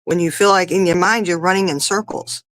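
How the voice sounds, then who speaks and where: A woman's voice: on the low side, fairly even intonation, a little fast, fairly bright tone, no echo. Chatty woman in her fifties. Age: 50s. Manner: chatty, rambling storyteller. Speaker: podcast guest or co-host. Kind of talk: casual chat.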